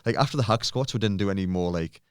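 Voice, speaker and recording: A man in his thirties telling a lively gym story in casual chat, swearing freely and acting out what people said. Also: sits low, fast talker, clear, resonant tone, no echo, clean studio sound. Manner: animated, swears often, acts out quotes. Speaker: podcast guest, bodybuilder.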